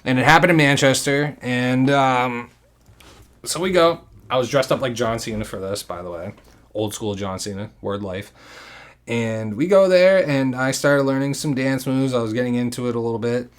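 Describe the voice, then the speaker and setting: A man's voice: medium pitch, moderate pace. A man hosting a podcast who tells a story in a rambling way and swears often. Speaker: podcast host. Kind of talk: casual storytelling chat.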